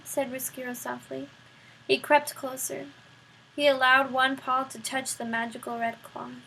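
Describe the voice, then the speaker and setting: A woman reading a children's novel aloud, expressive and speaking straight to the listener. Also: sits high, unhurried, gravelly, slight background noise, rough recording. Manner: expressive, addresses the listener directly. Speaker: storybook reader.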